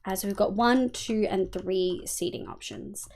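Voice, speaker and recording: A woman's voice: medium pitch, a little slow, a little mellow. An Australian woman live-streaming a game, chatting casually with viewers, thinking aloud and swearing freely. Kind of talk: casual gameplay chat answering viewers.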